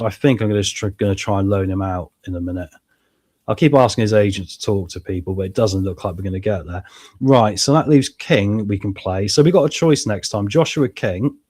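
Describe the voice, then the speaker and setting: A fairly low-voiced man talks viewers through a football management game in a casual, chatty way. He jumps between excited cheering and relaxed asides, calling his audience mates and guys. His voice sounds a bit strained from shouting earlier in the day. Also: fairly quick. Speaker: gaming YouTuber playing a football management game. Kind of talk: casual gameplay commentary.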